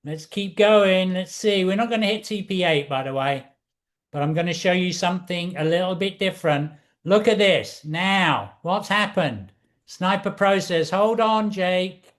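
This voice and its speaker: A man walking through trading charts as an instructor, excitable and showy, repeating key phrases over and over. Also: sits high, a little slow. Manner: excitable, repetitive, showman-like. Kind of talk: screen-share trading walkthrough.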